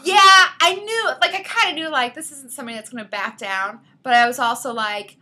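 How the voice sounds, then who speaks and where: Bright, lively woman telling a story. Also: a little high, brisk. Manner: animated, acts out quotes with shifting voice. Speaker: podcast co-host. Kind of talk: casual storytelling chat.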